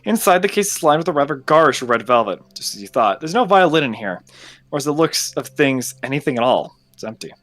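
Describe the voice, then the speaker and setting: Expressive man narrating a story game. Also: medium pitch, a little fast, faint music behind. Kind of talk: dramatic read-aloud narration.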